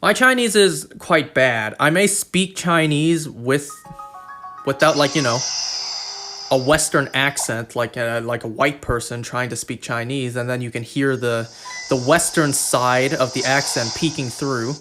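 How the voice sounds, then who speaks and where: A man with a Canadian accent chats his way through a gaming stream, rambling and circling back to repeat himself. His voice sits at a middle pitch. Game music plays clearly in the background. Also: unhurried. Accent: Canadian English. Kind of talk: casual chat while gaming.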